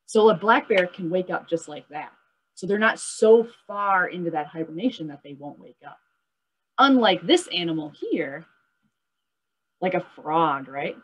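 A lively young woman leads a webinar lesson for children, talking over a video call. Her voice sits a little low and has a husky edge. She keeps checking in with the kids, asking them questions and tagging "right?" onto her points. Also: rough recording. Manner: upbeat, asks kids questions, says "right?" often. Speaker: nature educator.

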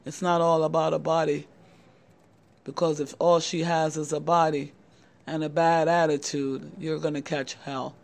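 A middle-aged channel host gives young men earnest, repetitive advice directly to camera in a motivational talk, frequently saying "guys." Her deep voice is creaky and darkish, with little pitch movement and a moderate pace.

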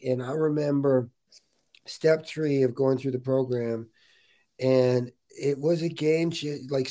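A middle-aged man hosting a podcast, telling a personal story in a casual, animated way and saying "dude" often. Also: mid-range voice. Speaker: podcast host. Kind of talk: casual interview chat.

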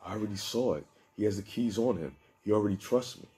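A man voicing a young woman caregiver who is anxious and scheming, talking in a hesitant, pleading way with a deep, dark voice. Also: fast talker, close to an everyday voice.

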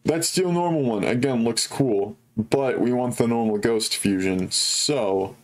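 A man's voice: mid-range voice, a little slow. A young man hosting a video game let's play, chatting casually and upbeat with viewers, full of fillers. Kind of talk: casual gameplay commentary.

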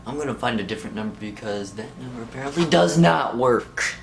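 A man's voice: medium pitch, expressive, fairly quick, gravelly. A young man rambling in a casual vlog, giggling a lot. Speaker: vlogger. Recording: roomy, from far off, faint noise.

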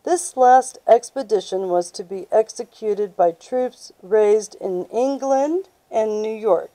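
A woman reads aloud from a history book at a very unhurried pace. Her tone is deep, dark and mellow. The recording is dry and close, with no room sound. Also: dry recording, low-quality recording. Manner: unhurried, plain reading voice. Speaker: reader of books aloud.

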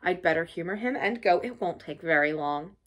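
A woman voicing a cheerful, brisk male water rat who coaxes his friend out of bed. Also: fairly low pitch, expressive, a bit bright, voice pushed down. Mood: thoughtful. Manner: brisk, hearty and coaxing.

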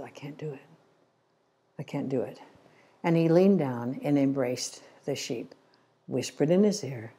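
A woman's voice: low voice, warm tone, husky. A middle-aged woman giving a church talk, telling stories earnestly and acting out the quotes. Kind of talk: storytelling sermon.

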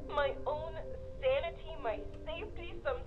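A woman's voice: sits high, normal speed, over music, close to an everyday voice. An actress voicing a distraught wife who begs her husband to try again, in a pleading, tearful manner. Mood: pleading, heartbroken. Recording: dull game audio with score.

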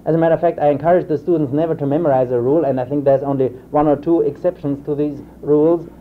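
A man's slightly high voice, steady in tone and quick in pace, carries a convocation lecture marked by hesitation, fillers and restarts. As the professor, he reads drill sentences aloud in a raised voice, heard on lo-fi 1960s reel-to-reel tape that sounds tinny with faint hiss.

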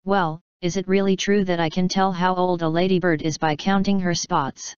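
A woman's voice: lowish voice, steady tone, normal speed, clean tone, no echo, natural voice. Curious, earnest young boy, read by a woman. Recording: slightly dull, dry recording.

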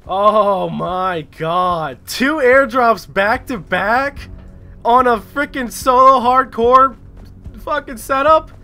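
Bright-voiced man cursing through a game. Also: very high voice, takes it slowly, soft background music. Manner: profane, excitable, talking to himself. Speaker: gaming streamer. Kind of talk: live gameplay commentary.

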